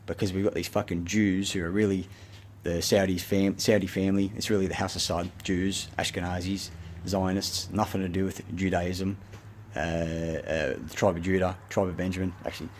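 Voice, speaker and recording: A man with an Australian accent rants in a long, self-recorded monologue, swearing often and jumping from point to point. His voice sits very low, and a faint hiss runs underneath. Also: little pitch movement, normal speed, hardly any pauses. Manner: profane, agitated, rambling ranting. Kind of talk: rambling monologue.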